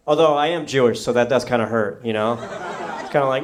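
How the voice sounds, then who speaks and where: A young man from the New York area doing a stand-up comedy set, telling a story in a deadpan way with animated quoted voices, on a comedy club stage. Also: mid-range voice, fast talker.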